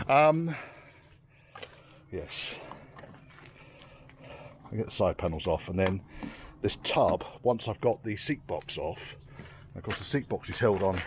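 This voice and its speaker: A man's voice: low voice, a little hiss or hum. Weary man muttering while working outdoors. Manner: muttering, swears freely, dry self-deprecating asides. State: tired and soaking wet. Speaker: classic car restorer vlogger. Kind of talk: casual workshop commentary. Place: outdoor yard in the rain.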